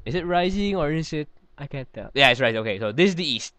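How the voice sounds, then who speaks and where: A man's voice: on the high side, animated, quick pace, a bit bright, no echo. A man hosting a let's play, rambling and giggling through casual gameplay commentary as he talks to himself.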